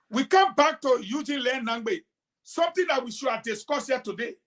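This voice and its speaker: A woman giving heated political commentary on a talk show, emphatic and combative, swinging between loud outbursts and quiet asides. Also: fairly high pitch.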